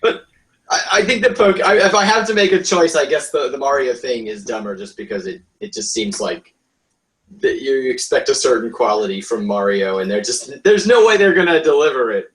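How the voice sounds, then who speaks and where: A man co-hosting a casual comedy podcast, talking haltingly and restarting sentences. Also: medium pitch, expressive, fairly bright tone, poor audio. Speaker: podcast co-host.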